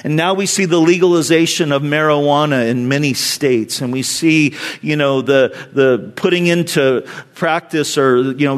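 A man preaching a sermon as pastor, emphatic, repeating phrases and lifting his voice sharply when voicing cries to God. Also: a little high.

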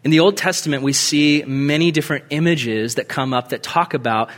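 A man preaching a sermon in a conversational, animated way, acting out quoted lines with big swings in pitch and loudness. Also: brisk. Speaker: pastor.

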